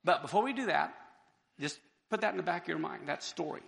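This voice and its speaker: A high, bright man's voice with a gravelly texture, teaching scripture with lively energy. He jumps into character to act out the crowds and Moses. The sound carries a long hall reverb. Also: fairly quick. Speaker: Bible teacher. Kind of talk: animated Bible teaching.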